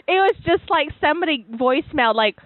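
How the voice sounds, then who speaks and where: A bubbly, giggly woman co-hosting a casual podcast, her voice sitting a little high. She sounds dry and close, squeezed into a narrow phone-like band. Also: lively intonation, fairly quick, no room sound. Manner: bubbly, giggly, chatty with filler words. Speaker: podcast co-host.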